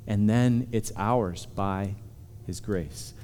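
A man preaching a sermon, earnest and emphatic, slowing down to stress key words. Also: lowish voice, a little mellow, a little hiss or hum. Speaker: pastor. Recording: long hall reverb.

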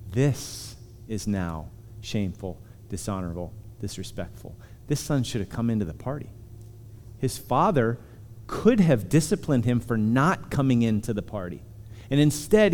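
Mellow-voiced preacher in a reverberant hall. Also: male voice, medium pitch. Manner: earnest, emphatic, slows on key words. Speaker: pastor. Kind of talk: sermon.

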